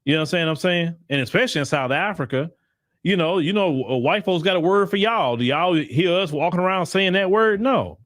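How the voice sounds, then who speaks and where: A man's voice: high voice, animated, fairly quick, fairly bright tone, dry recording, studio quality. A man giving blunt, emphatic opinion commentary in casual slang, often repeating himself for emphasis. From United States. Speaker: commentary channel host.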